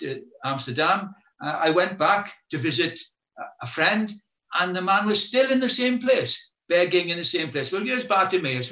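A man's voice: on the high side, bright, forceful tone. A man preaching a sermon, telling stories and acting out the quoted voices, with questions repeated to the listeners. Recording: echoey room, dull lo-fi sound.

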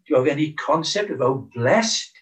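A man's voice: mid-range voice, lively intonation, normal speed. A man preaching a sermon earnestly, stressing his questions with mounting emphasis. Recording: muffled, from far off the mic.

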